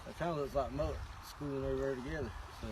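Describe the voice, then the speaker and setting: A man's voice: mid-range voice, fairly even intonation, very fast. A man with a Southern US country accent hosting a fishing vlog, chatting casually to viewers in a rambling, folksy way outdoors. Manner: rambling, folksy, chuckling asides. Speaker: fishing channel host. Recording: loud outdoor vehicle and wind noise.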